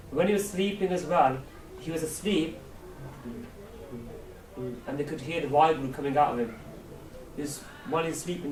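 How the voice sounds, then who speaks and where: Man preaching in an echoey hall. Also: fairly high pitch. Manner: animated storyteller, asks audience questions, acts out voices. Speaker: Sikh preacher. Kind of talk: storytelling talk to youth camp. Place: large hall at a camp. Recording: echoey hall, mic far off, faint hiss.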